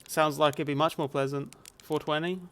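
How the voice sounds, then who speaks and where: A man's voice: a little high, level tone, normal speed, a bit bright. A man streaming live, commenting on his gameplay and talking to his chat. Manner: chatty, talks to chat.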